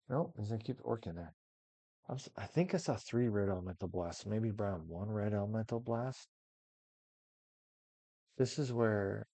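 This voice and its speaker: A man's voice: sits low, mellow, no echo. A man casually commentating a card game match, thinking aloud and weighing options. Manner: musing, thinks aloud with many maybes. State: yawning, tired.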